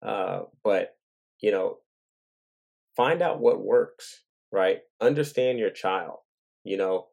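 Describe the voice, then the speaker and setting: A man hosting his own show, talking earnestly and gently in a casual reflective monologue, thinking aloud as he goes. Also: lowish voice, slow pace, creaky, pauses often. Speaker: father and podcast host.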